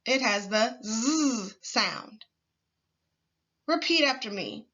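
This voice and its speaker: A woman teacher leading a slow, clear phonics lesson for young children, patiently sounding out words with deliberate pauses. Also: fairly high pitch, animated, sharp tone, lo-fi sound.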